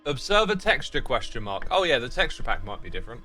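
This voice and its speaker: A man's voice: medium pitch, very animated, fast talker, bright, forceful tone, soft background music. A British man streaming a game, thinking aloud and chatting with his viewers in a casual way. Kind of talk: casual livestream commentary.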